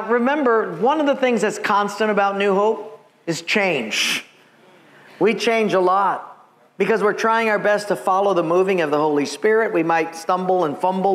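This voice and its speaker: A man's voice: high-pitched, normal speed, a bit bright. A man in his seventies preaching a sermon to his congregation, with a humorous, chuckling storytelling manner. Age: 70s. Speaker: pastor. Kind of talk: sermon with jokes. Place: church before a live congregation. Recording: live church audience noise.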